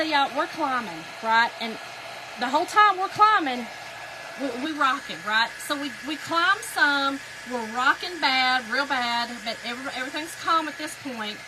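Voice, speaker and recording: A woman's voice: sits high, noisy background. A woman, animatedly telling a story to her viewers while she crafts. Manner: animated, chatty, addresses viewers as y'all. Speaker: crafting livestream host.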